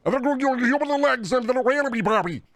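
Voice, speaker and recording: A man playing a frantic character who yells about strange burgers and repeats one name over and over. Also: very high voice, animated, very fast, background noise, pitched above the performer's own voice. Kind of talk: improvised comedy bit.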